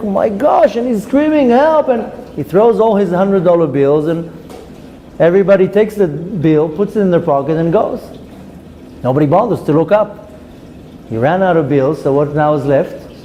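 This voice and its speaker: A man teaching a Torah class, a lively storyteller who acts out the characters in his stories. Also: a little high, a little hiss or hum, poor audio. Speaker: rabbi.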